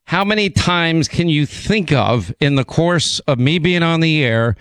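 A hoarse man hosting a talk radio show, his voice a little rough from a bout of laryngitis. He rambles, stumbles and repeats words, then rushes ahead in quick bursts. The sound is close and dry, with no room in it. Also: a little high, animated, fairly bright tone, no room sound. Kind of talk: casual on-air chat. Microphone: studio broadcast mic.

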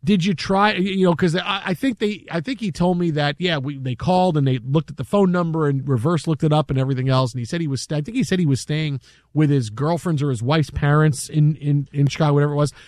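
A middle-aged man hosting a sports talk show, telling a story in an animated way and acting out the voices of the people in it. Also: fairly high pitch, fast talker, no room sound, clean studio sound. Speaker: sports radio host.

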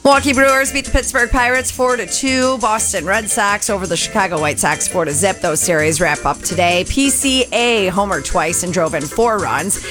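A woman co-hosting a radio show, reading a brisk news and sports update. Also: medium pitch, over music. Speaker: radio news reader and co-host.

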